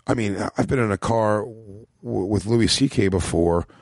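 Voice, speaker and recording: A man's voice: on the low side, darkish tone, breathy edge, dry recording, clean studio sound. A male comedian chatting casually on a podcast, rambling and swearing as he acts out quotes in his stories. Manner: rambling, profane, quick to act out quotes. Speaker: comedian guest. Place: small home studio room.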